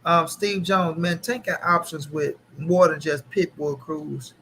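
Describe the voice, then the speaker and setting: Bright-voiced man chatting on a live stream. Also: a little high, steady tone, unhurried, a little hiss or hum. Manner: loose, profane, talks back to chat. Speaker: boxing channel host. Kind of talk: casual live-stream chat.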